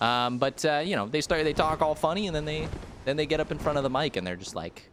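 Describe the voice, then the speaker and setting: A man's voice: fairly high pitch, lively intonation, fast, a bit bright, slight background noise. A young man from the United States giving rambling, jokey live-stream commentary, full of fillers, as he plays a game.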